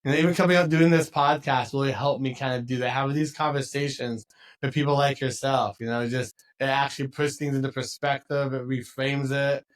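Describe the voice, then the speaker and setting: A man hosting a podcast, talking in a relaxed, chatty way and laughing often. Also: medium pitch, a little fast. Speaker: podcast host. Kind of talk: casual conversation.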